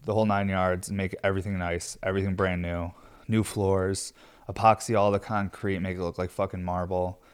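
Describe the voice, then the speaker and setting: A man's voice: low-pitched, flat delivery, a little fast, clear, resonant tone. A stressed man talking candidly in a casual vlog, rambling with lots of fillers and swearing freely. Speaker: glass studio owner.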